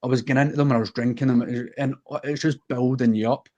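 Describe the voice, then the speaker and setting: On a muffled recording, a podcast guest with a Scottish accent, from the west of Scotland, talks fast in a dark, mid-range voice with fairly even intonation. He relates a personal story in an earnest, heartfelt and unguarded manner.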